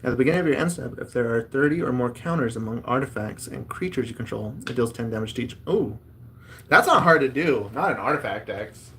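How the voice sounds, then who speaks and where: Male host, casual chatty delivery, mid-pitched, loose and rambling, faint background hiss. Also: lively intonation, fairly quick, fairly bright tone. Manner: rambling, chatty, reads card text aloud. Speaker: host opening card packs. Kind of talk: casual chat.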